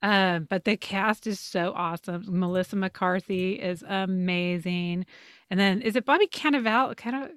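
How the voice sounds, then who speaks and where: A woman's voice: medium pitch, moderate pace, smooth, no room sound, studio quality. A woman co-hosting a podcast in casual chat, laughing often and acting out what she said. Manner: chatty, laughs often, animated quoting. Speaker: podcast co-host. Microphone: on camera, video podcast.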